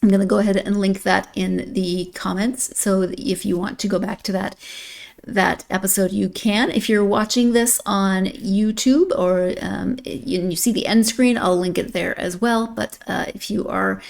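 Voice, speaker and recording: A woman's voice: medium pitch, creaky. Chatty woman hosting a book podcast. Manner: chatty, with fillers and self-corrections. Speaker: podcast host. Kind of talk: casual podcast talk and book blurb reading.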